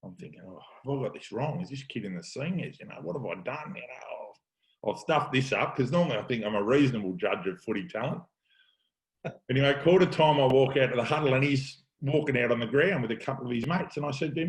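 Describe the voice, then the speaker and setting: Aussie bloke hosting a footy chat, middle-aged, telling yarns and doing everyone's lines. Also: male voice, mid-range voice, animated, fast talker, rough recording. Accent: Australian. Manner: yarn-spinning, acts out quoted lines. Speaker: podcast host, football coach. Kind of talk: casual storytelling chat.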